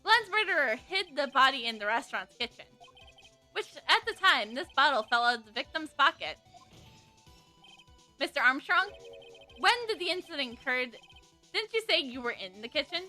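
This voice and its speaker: A woman voicing a flustered young male defense lawyer in a video game, excitable and shouting his claims. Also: sits high, moderate pace, pauses often, faint music behind, heavily acted. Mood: excited.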